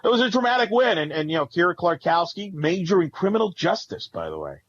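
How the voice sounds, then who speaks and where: Man, podcast co-host, rambling stat-heavy sports talk, mid pitch, slightly muffled audio. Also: big pitch swings, fast, a bit bright, no room sound. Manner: rambling analytical, lists stats.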